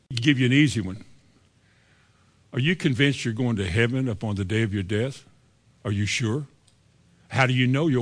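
A man preaching a sermon as pastor, firing rhetorical questions at the congregation and acting out doubters' replies. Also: medium pitch.

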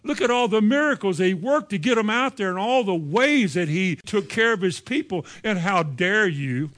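A man preaching a sermon, reading scripture verses and retelling them in lively, folksy everyday speech. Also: high voice, normal speed.

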